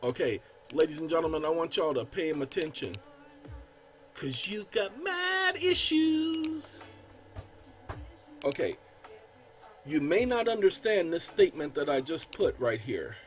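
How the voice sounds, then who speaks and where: A man's voice: a little high, lively intonation, moderate pace, soft background music. A man hosting his own channel, casually explaining a legal document to viewers as he edits it on screen. He talks emphatically, calls his audience y'all, reads legal text aloud with stress on key words, and often stammers and restarts. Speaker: channel host.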